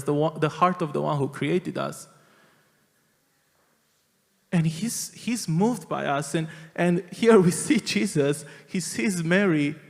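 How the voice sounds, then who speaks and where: A man's voice: a little high, in a large hall. A man preaching a sermon in a church, earnest and emphatic, often restarting his phrases. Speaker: pastor. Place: large church hall.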